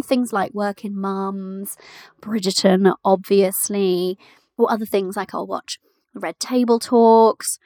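A woman's voice: medium pitch, darkish tone, no echo, studio quality. A woman in her thirties hosting a casual solo podcast, chatty and giggly, calling listeners "my love". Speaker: podcast host and business coach for mothers.

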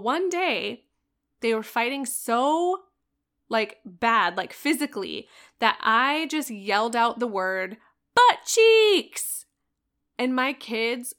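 Her voice sits on the high side with a fairly bright tone. On her solo parenting podcast, this woman in her thirties coaches listeners earnestly, speaking to them directly with advice.

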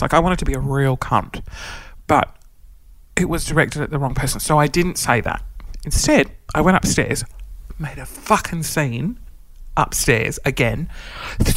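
A man's voice: on the high side, animated, normal speed, fairly bright tone, no room sound. A man tells a long story in a casual, chatty way, swearing freely and playing up the drama. He acts out his own outbursts in a raised voice. The recording is dry and close, with no room sound.

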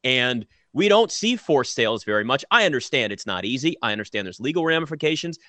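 A man's voice: medium pitch, very animated, fast, sharp tone, no echo. A man co-hosting a casual sports talk show, ranting emphatically and with exasperation.

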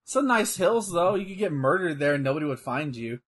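An excitable man in a casual watch-along chat, reacting loudly to the action and cursing when something surprises him. His voice is husky and fairly high for a man, and it swings widely in pitch as he talks. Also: a little fast. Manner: excitable, swears and exclaims at the action. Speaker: co-host.

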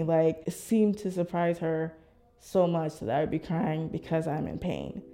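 A woman's voice: low-pitched, normal speed, dark tone. A woman in her thirties candidly recounting a personal experience, acting out what others said. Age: 30s. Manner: candid, reflective, acts out others' lines. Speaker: interviewee sharing her story. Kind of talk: personal storytelling.

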